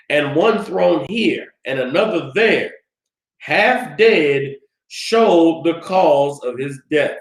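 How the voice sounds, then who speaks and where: Male class teacher, animated storyteller, slightly high voice, roomy echo. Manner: animated storytelling, acts out screams. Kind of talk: scripture class lecture.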